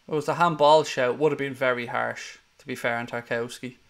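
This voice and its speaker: A man's voice: mid-range voice, fairly even intonation, brisk, gravelly, fairly bright tone. A man hosting live match commentary, calling play-by-play in a heated, sweary way. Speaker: host.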